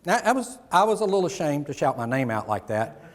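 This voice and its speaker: A middle-aged man delivers a motivational keynote with animated storytelling, acting out little scenes with people from the audience. His voice sits a bit high for a man, and it rings out through a large conference hall with a long reverb tail. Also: quick pace, background noise. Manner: animated, acts out dialogue with audience. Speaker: keynote speaker.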